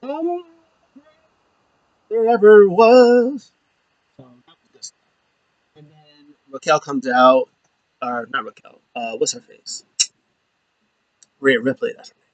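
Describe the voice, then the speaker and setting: A man casually recapping a wrestling show alone, rambling with lots of fillers and slipping into high voices for quotes. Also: steady tone, measured pace, long pauses, fairly bright tone, no echo, muffled recording.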